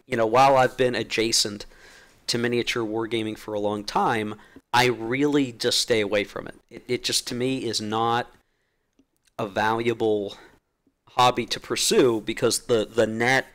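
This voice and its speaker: A man with a medium-pitched, fairly bright voice hosts his own channel, musing through a loose, informal essay full of fillers and restarts. He's an adult who has played since his teenage years through college, and he's still recovering from being sick, clearing his throat as he goes.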